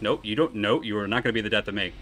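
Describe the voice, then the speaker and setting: A man doing live commentary while playing a video game, excitable, swearing and talking to himself. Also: on the low side, racing, noisy background.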